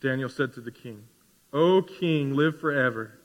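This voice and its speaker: A man's voice: mid-range voice, measured pace. A man preaching a sermon as pastor, building to emphatic rising questions. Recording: reverberant hall.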